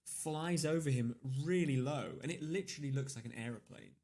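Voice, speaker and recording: An animated man co-hosting a podcast, his talk full of fillers and casual swearing. His voice sits in a mid pitch. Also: a little fast. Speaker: podcast co-host. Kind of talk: casual chat.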